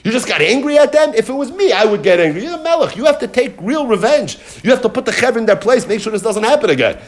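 A scheming royal advisor, put on by a man teaching a story, goads his king in a raised, needling voice that leaps around in pitch. He sounds urgent and pushy as he eggs the king on. His lines are dropped into a lesson. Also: sing-song, a little fast, darkish tone. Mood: goading. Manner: needling, egging on. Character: scheming male royal advisor urging revenge.

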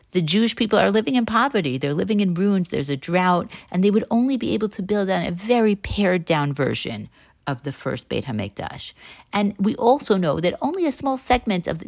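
Woman teaching a Bible text in a low voice. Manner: explains patiently, reads Hebrew verses slowly and translates them. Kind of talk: text study lecture.

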